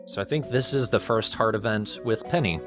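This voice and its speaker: A man's voice: on the low side, brisk, music in the background. A man casually commentating a game he is playing, explaining its mechanics and laughing easily. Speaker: let's play host.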